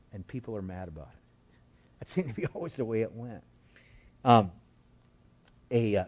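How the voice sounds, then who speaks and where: Lively, animated male preacher. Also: medium pitch. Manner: animated, voices the scripture characters with sarcasm; chuckles often while teaching. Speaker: pastor. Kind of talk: sermon, Bible teaching.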